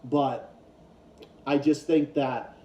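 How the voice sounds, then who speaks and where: A man's voice: medium pitch, fairly even intonation, drawn-out words, warm tone, echoey room, lo-fi sound. A man ranting in a casual commentary vlog, heated and profane, often restarting his sentences. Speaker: YouTube commentator.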